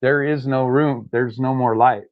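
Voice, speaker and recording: A man's voice: medium pitch, steady tone, unhurried, no echo, narrow, tinny audio. A man co-hosting a casual chat, easygoing and matter-of-fact.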